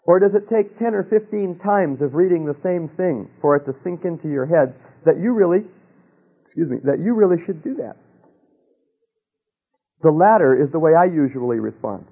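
Man preaching a sermon, storytelling, rhetorical questions, husky voice, tinny phone-band sound. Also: fairly high pitch, lively intonation, moderate pace. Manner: storytelling, asks rhetorical questions, drops to a hush for quoted voices.

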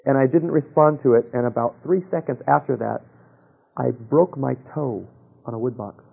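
A man preaching a sermon, telling a personal story with rhetorical questions and dropping to a hush for quoted voices. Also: medium pitch, normal speed, creaky, slightly rough, narrow, tinny audio.

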